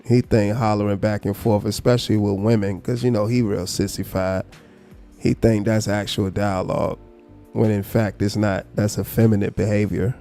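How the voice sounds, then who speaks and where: A gravelly, mellow-toned man holds forth on his live stream in a calm, low, deliberate voice. He stays blunt and swears freely. A faint bed of music sits behind him. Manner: calm, low, unhurried speaking tone; blunt and profane. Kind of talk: casual commentary rant.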